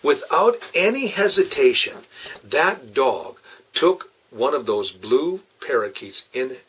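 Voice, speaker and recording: Middle-aged male host with a husky, mid-pitched voice. Folksy storyteller who gives parenting advice. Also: big pitch swings, takes it slowly, fairly bright tone, low-quality recording. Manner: folksy storytelling with moral asides. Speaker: radio host. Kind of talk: short parenting talk.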